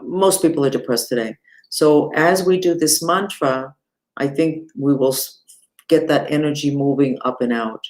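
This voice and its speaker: A woman who teaches mantras and meditation, giving an unhurried live-streamed lesson and talking straight to her viewers. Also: sits low, darkish tone. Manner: unhurried, talks to viewers and reads the chat aloud.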